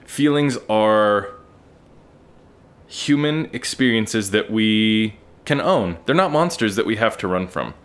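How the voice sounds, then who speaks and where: A man's voice: on the low side, animated, takes it slowly. A man hosting a solo podcast, talking through his thoughts in an earnest, candid way and swearing casually. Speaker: podcast host. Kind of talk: solo reflective monologue.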